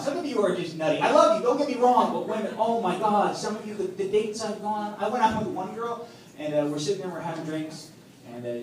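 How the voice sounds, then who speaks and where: Exasperated stand-up comedian, echoey club. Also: male voice, high voice, noisy background. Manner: punchy, exasperated storytelling with loud outbursts. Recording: echoey club room from a distance. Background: audience laughter and club ambience.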